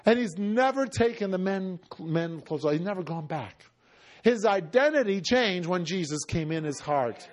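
A man preaching with a notably high voice. He tells his story with passion, often pushing up toward a cry before easing back down. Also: expressive, moderate pace. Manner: impassioned, often rising to a cry. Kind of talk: sermon storytelling.

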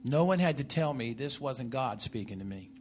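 A man's voice: expressive, moderate pace, a little hiss or hum. A man preaching a sermon, emphatic, swinging his voice up and down and putting questions to the congregation. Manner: emphatic, rises and falls in pitch and loudness, asks the congregation questions.

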